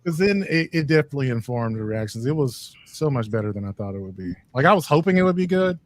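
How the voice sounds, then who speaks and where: A man's voice: mid-range voice, lively intonation, fast, no room sound. A man hosting a casual live chat show who talks loosely, swears freely and laughs easily. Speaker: show host.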